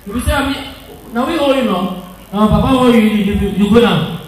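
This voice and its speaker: High-pitched shouting preacher in a roomy hall. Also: male voice, a little fast. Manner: commanding, shouting orders, pidgin English. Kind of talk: deliverance prayer session. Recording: echoey, from far off, music behind.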